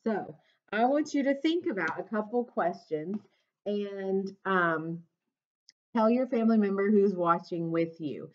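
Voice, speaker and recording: A woman teacher reading a storybook aloud to children, expressive, pausing to ask them questions. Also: mid-range voice, slight background noise. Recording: dull lo-fi recording.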